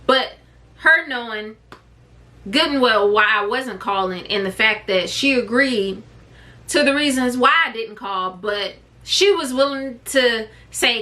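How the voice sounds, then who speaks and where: Bright-voiced woman telling her story. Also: on the high side, a little slow. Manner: chatty, expressive, prone to tangents and laughter. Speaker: vlogger; mother. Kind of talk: candid personal storytelling to camera.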